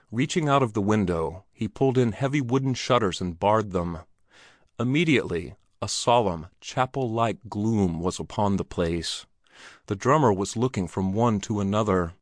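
A man reading an old Western short story aloud in a measured, descriptive way. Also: fairly low pitch, no echo, studio quality. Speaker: narrator. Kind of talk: audiobook narration.

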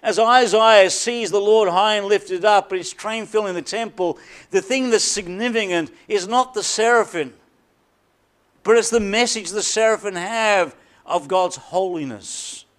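High-voiced man preaching a sermon. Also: fairly bright tone. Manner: emphatic preaching with deliberate repetition and dramatic drops in volume. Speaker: pastor.

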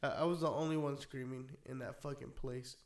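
A man's voice: medium pitch, steady tone, fairly quick, darkish tone. A man chatting casually, telling stories animatedly, often mimicking other people's voices and swearing a lot. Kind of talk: casual profane chat.

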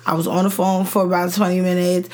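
A woman's voice: fairly low pitch, fast talker. A woman, a podcast guest, telling a personal story in casual chat and acting out the lines of the people in it. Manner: animated retelling, acts out quoted dialogue.

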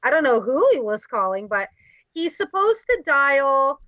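A woman's voice: high-pitched, very animated, a little slow, fairly bright tone, highs cut off, a little hiss or hum. A woman co-hosting a podcast in casual chat, a giggly storyteller who leans on filler words. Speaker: podcast co-host.

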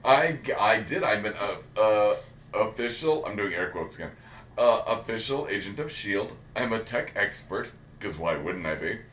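A man's voice: fairly low pitch, expressive, moderate pace, fairly bright tone. Rambling, profane man in an echoey room. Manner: rambling, profane, self-mocking. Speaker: podcast co-host. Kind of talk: casual pop-culture chat. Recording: roomy echo with faint background hiss.

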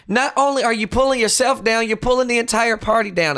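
Animated high-voiced male political commentator. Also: fast, few pauses. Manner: animated, mocking, swings from loud outbursts to low earnest tones. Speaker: talk show host.

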